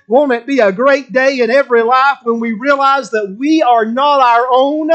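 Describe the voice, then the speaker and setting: A man's voice: extremely high pitch, fairly even intonation, moderate pace, few pauses, a bit bright. A middle-aged man preaching a sermon with impassioned, repetitive emphasis.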